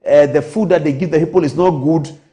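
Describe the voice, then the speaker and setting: A man's voice: fairly high pitch, a little fast, dark tone. A man hosting a TV current affairs show, giving political commentary in the studio with repetition and rhetorical questions.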